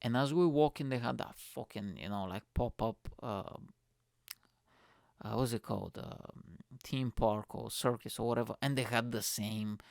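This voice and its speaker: Man, comedian, gravelly voice, dry close sound, rambling and profane, self-mocking. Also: mid-range voice, moderate pace, darkish tone, dry recording. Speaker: comedian and podcast host. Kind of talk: casual storytelling monologue.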